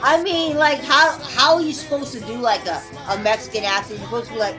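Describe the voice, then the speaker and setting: A woman's voice: a little high, steady tone, fast, few pauses, music in the background. A woman co-hosting a casual livestream chat, hesitant and self-deprecating. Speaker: stream co-host.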